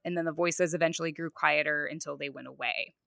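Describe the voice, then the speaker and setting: A woman's voice: sits low, fairly even intonation, quick pace, gravelly, pushed and bright, no echo, studio quality. A woman co-hosting a podcast, telling a true crime story in a conversational way with casual fillers. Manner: conversational, fillers like "you know" and "like".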